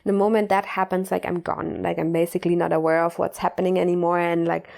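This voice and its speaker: A woman's voice: lowish voice, flat delivery, quick pace, gravelly, a little mellow. Earnest woman coach, filler-heavy talk. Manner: earnest, repeats "like" and "you know", laughs often. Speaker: mindfulness coach. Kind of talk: casual motivational talk.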